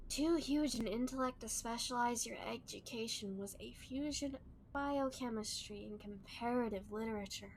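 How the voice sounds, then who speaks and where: Woman reading a cryptic suited executive man from a storybook, calm and probing, fairly high voice, faint hiss behind. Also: natural voice. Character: sharp-suited male executive, smooth and cryptic.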